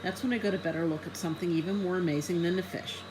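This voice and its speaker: A woman reading a children's storybook aloud in an expressive, animated first-person way. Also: fairly low pitch, very fast, background noise. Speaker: reader.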